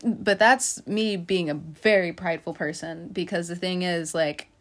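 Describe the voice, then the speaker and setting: A woman's voice: fairly low pitch, steady tone, measured pace. Chatty young woman reading tarot cards. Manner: laughs often, loose filler-heavy talk. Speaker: podcast host doing a tarot reading.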